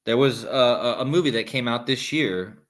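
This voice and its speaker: A man's voice: mid-range voice, moderate pace, a bit bright. A man hosting a casual live stream, rambling with restarts and reading viewer comments aloud. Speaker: livestream host.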